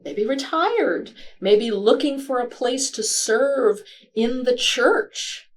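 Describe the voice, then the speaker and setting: A woman author as a podcast interview guest, speaking reflectively and halting with frequent fillers. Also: fairly high pitch, lively intonation.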